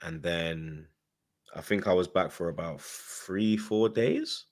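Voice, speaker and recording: A man's voice: low-pitched, takes it slowly. A man, a podcast guest telling a story in casual, slangy chat and repeating himself as he goes.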